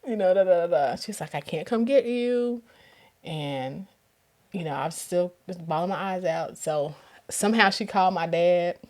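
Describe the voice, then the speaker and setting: A woman's voice: lowish voice, moderate pace. A woman telling a personal story in casual conversation, acting out the voices of other people with laughter. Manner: animated, acts out quoted voices with laughter. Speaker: guest.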